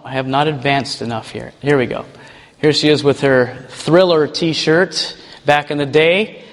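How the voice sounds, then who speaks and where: High-voiced man preaching in a hall. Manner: animated, mocking put-on voices for examples. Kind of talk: sermon. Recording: long hall reverb.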